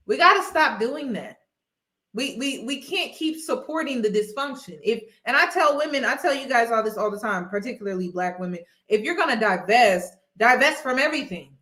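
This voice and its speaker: A woman's voice: fairly high pitch, animated, moderate pace, bright, forceful tone, echoey room. A woman vlogger giving casual, emphatic commentary to her viewers, repeating her points.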